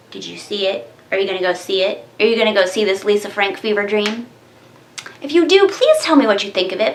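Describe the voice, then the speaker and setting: Giggly high-voiced woman in an echoey room. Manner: rambling and giggly, full of "like" and "um". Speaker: vlogger reviewing a film. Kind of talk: casual movie review chat.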